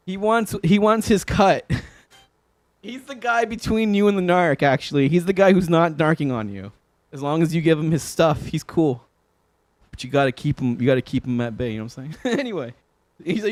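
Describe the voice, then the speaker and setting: A man's voice: sits high, no room sound. Laid-back swearing male guitar streamer. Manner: laid-back, swears often, laughs a lot. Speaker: livestreaming guitarist. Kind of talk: casual livestream chat with viewers. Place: home room.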